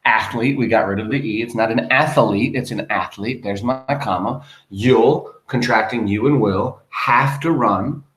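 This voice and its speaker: A man's voice: medium pitch, moderate pace, hardly any pauses, fairly bright tone. A man teaching a grammar lesson, patiently explaining step by step and asking his students questions. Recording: roomy echo.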